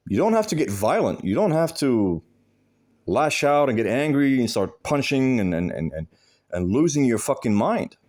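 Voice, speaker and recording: Here a video host delivers advice as a direct monologue that is blunt, emphatic, full of swearing and repeated phrases. His voice is mid-range and slightly mellow, sing-song at a normal speed.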